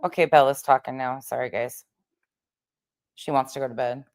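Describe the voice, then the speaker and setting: A woman's voice: very deep voice, fairly even intonation, moderate pace, darkish tone. A woman hosting a livestream commentary, frustrated and searching for words. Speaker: commentary host.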